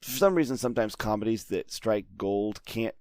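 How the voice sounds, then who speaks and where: A man's voice: on the low side, lively intonation, moderate pace, a little mellow, dry recording, studio quality. A man co-hosting a podcast in casual chat, rambling with restarts and quoting movie lines. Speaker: podcast co-host.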